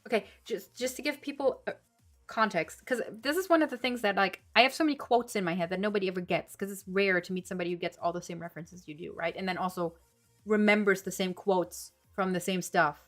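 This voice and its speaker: A woman's voice: medium pitch, fairly quick, soft background music. Chatty woman streamer reading comments. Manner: chatty, laughs often, switches between English and German. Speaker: language-learning streamer. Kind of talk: casual livestream chat reading comments.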